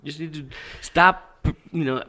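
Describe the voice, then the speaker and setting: A man guest on a podcast, a fitness and boxing coach, telling a story in casual, animated talk with plenty of swearing and acted-out dialogue. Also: fairly high pitch, unhurried.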